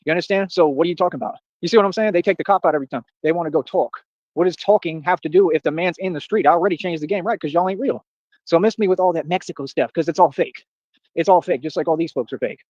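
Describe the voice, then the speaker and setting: Fast-talking boastful man ranting. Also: fairly high pitch, a little mellow, no room sound, lo-fi sound. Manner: boastful, confrontational, repeats "what are you talking about". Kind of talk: ranting livestream monologue.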